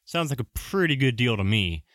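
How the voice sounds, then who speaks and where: A man's voice: mid-range voice, very animated, brisk, fairly bright tone, no echo, clean studio sound. A man hosting a podcast, rambling through announcements and apologizing as he goes. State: out of breath. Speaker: podcast host. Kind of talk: casual podcast outro.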